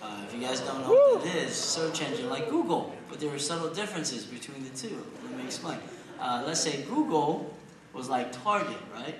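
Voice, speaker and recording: A man in young adulthood doing a brash stand-up comedy set with deadpan punchlines, on a large theater stage. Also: on the high side, normal speed, gravelly. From Pennsylvania, USA. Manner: brash, deadpan punchlines, shouts in put-on quotes. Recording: echoey theater taped from far off, loud crowd laughter.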